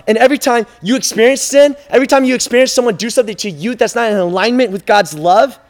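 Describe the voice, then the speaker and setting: Male preacher, high-pitched voice, impassioned sermon delivery, drops to a hush then builds loud. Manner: impassioned, repetitive, swings from hushed to loud.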